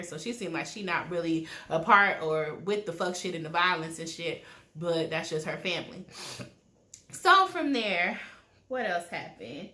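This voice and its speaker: Bright-voiced woman, gossipy and profane episode recap, roomy echo. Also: medium pitch, normal speed. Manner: blunt, profane, animated storytelling with quoted asides. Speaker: TV recap vlogger.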